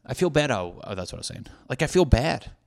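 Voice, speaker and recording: A man's voice: mid-range voice, sing-song, fast, gravelly, a little mellow. A man in his thirties chatting casually on a podcast, rambling and swearing freely with self-deprecating humor. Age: 30s.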